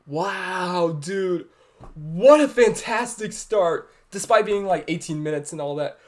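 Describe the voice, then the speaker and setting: A man hosting a fan reaction video, gushing and shouting with excitement over the show he is watching. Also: high voice, slow pace.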